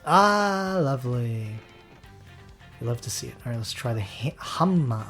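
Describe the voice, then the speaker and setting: A man's voice: mid-range voice, moderate pace, faint music behind. A man hosting a let's play, making dry, wry asides while he plays. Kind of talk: gameplay commentary.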